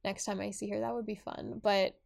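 A woman's voice: mid-range voice, flat delivery, brisk, vocal fry, a little mellow. A young woman co-hosting a casual podcast talks through a book and its series. Her speech is loose and chatty, full of "like" and half-started sentences. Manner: chatty, many fillers and restarts. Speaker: podcast co-host.

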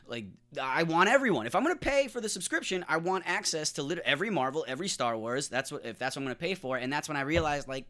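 A man's voice: fairly high pitch, expressive, fast, pushed and bright, clean tone. A man hosting a podcast, ranting casually with sarcastic, profane humor. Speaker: podcast host. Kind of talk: casual comedic rant.

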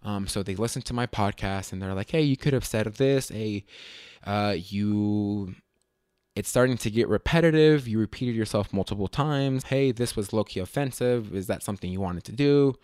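A man from Las Vegas hosting a casual podcast, telling stories in a rambling, self-correcting way with sudden lively jumps in pitch. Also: normal speed, clear, resonant tone, no room sound, clean studio sound. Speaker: podcast host. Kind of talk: casual solo podcast storytelling.

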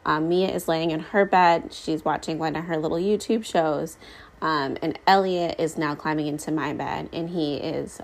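A woman in her thirties talks through a long story in her podcast, with a low voice. She rambles casually, circles back, and fills her pauses with ums and likes. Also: gravelly, rough recording. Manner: rambling, with many fillers and self-corrections. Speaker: podcast host.

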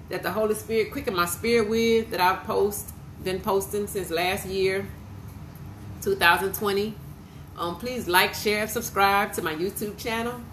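A woman's voice: mid-range voice, pushed and bright, a little hiss or hum, poor audio. A woman preaching an informal podcast sermon, fervent and emotional, repeating her praise.

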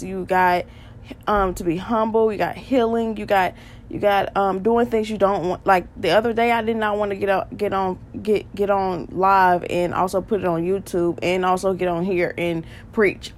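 A woman's voice: mid-range voice, slight background noise. Earnest woman preaching her testimony. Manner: earnest and repetitive, with quick bursts of emphasis and laughs. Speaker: podcast host. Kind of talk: faith testimony talk, preaching.

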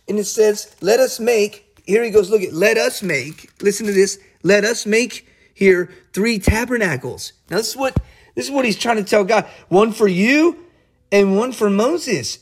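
A man leads an informal Bible lesson, and his enthusiasm keeps spilling over into laughter and restarted sentences. His voice sits fairly high for a man and has a husky, slightly breathy edge. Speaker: Bible teacher. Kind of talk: casual Bible study talk.

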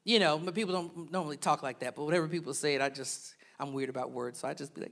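A male pastor preaching a sermon, animated, swinging from loud preaching to soft, playful asides. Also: fairly high pitch, quick pace, vocal fry, hardly any pauses, a little hiss or hum.

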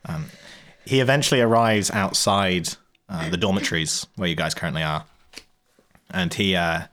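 A man narrating a tabletop game as game master in a casual, halting way with many fillers. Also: low voice, fairly bright tone.

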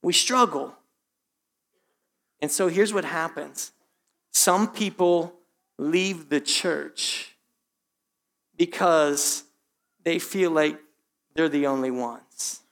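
A male pastor, slightly hoarse, preaching a sermon in a conversational way, speaking straight to the congregation and repeating his points. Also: on the high side, very slow, long pauses, fairly bright tone. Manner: conversational, direct address to the congregation, frequent repetition.

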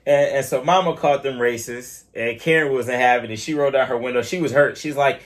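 A man's voice: medium pitch, a little fast. Male podcast co-host, casual storyteller, acts out quotes. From Michigan. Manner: animated storytelling with quoted voices. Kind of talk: casual chat.

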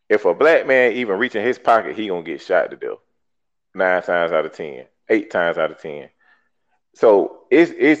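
A talk show host, arguing emphatically and bluntly, swearing and repeating himself to make his point. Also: mid-range voice. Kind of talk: heated call-in debate. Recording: dull lo-fi podcast audio.

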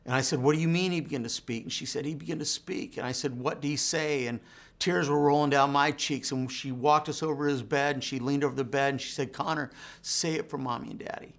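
A man with a Texan accent, a minister telling an emotional personal testimony in an earnest storytelling way, dropping to a hushed voice when quoting dialogue. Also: mid-range voice, fairly even intonation, fast.

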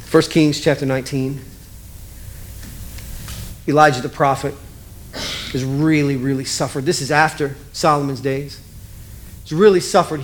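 High-voiced conversational male pastor. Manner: conversational, animated, acts out scenes. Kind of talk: sermon.

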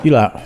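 A man hosting a livestream dating-advice show in a brash, profane, joking manner, reading out viewer donations. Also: background noise. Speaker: podcast host and dating coach. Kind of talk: casual livestream monologue.

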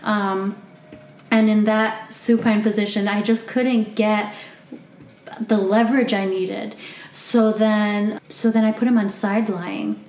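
A woman who works as a massage therapist, chatting casually and telling lively stories from work, acting out what people said. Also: mid-range voice, takes it slowly. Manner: animated storyteller, acts out quotes. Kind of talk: casual podcast chat. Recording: echoey room.

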